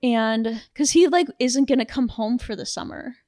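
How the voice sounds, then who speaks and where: A woman's voice: fairly high pitch, no room sound, studio quality. A young woman co-hosting a podcast, casually retelling a film's plot and quoting its characters. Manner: animated retelling, quoting characters in quick voices. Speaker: podcast co-host. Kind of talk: casual film review chat.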